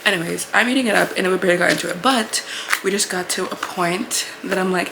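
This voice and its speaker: A woman's voice: lowish voice, quick pace, gravelly, noisy background. A young woman chatting in a casual reading vlog, bubbly and gushing, with lots of "like" fillers, recorded at home. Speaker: book vlogger.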